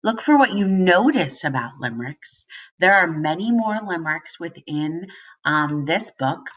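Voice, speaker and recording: A woman teacher reading a children's book aloud to young students and asking the class questions in a gentle, sing-song way. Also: on the low side, animated, a little slow. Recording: distant mic.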